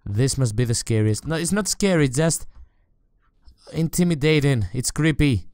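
A man's voice: medium pitch, expressive, normal speed, darkish tone, clear, resonant tone, dry recording, studio quality. A man playing a horror game on camera, talking to the game and his viewers, often shrieking and swearing when scared. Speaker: let's play gamer.

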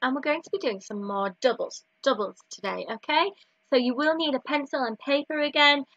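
A woman teaching a recorded maths lesson to young children in a slow, sing-song, encouraging way. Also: high-pitched, a bit bright, no echo, lo-fi sound. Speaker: early years teacher.

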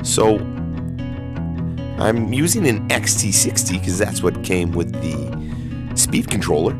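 A man calmly explaining a DIY build, easygoing and a bit hesitant, stumbling over tricky words. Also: low-pitched, slow, loud music behind the voice. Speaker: DIY maker. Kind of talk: casual how-to narration.

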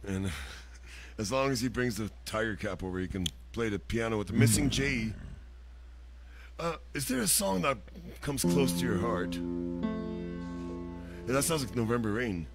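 A man hosting a casual livestream, loud and full of swearing and laughter. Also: mid-range voice, expressive, moderate pace, loud music behind the voice. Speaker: livestream host.

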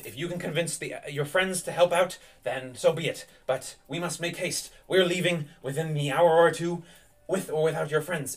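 A man's voice: on the high side, distant mic, voice pushed up, natural voice. A man voicing an anxious, protective young nobleman who urgently commands everyone to leave in a tabletop game.

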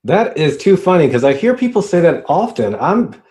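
A man's voice: a little high, normal speed. Chatty man with a slight Virginia drawl. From Richmond, Virginia. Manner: animated, chatty, many fillers and restarts. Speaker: guest, happiness coach. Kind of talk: casual podcast interview. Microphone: remote call.

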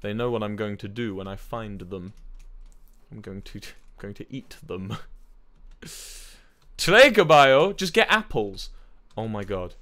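A man's voice: fairly low pitch, level tone, takes it slowly, pauses often, a little mellow. A man streaming a video game, chatting playfully and joking in broken Spanish. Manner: playful, mock-Spanish banter, swearing. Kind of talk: casual live-stream chat.

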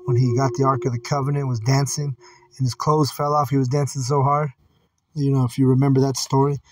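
A man's voice: medium pitch, flat delivery, brisk, a little mellow. A man reading scripture aloud and commenting on it in a casual, blunt way, often swearing. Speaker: Bible teacher. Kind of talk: casual Bible study commentary. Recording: distant mic with singing bowl music.

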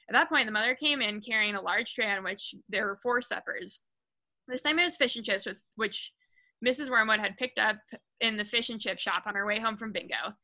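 A woman's voice: mid-range voice, fairly quick, bright, forceful tone, rough recording. A woman reading a children's novel aloud to a book club, casual and unpolished, stumbling and correcting herself now and then, lifting her voice for the characters' lines. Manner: raises her voice for quoted lines.

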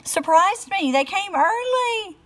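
An extremely high, slightly bright voice belongs to a middle-aged Southern American woman live-streaming lipstick swatches. Her intonation is lively and her pace slow as she chats casually and welcomes viewers by name.

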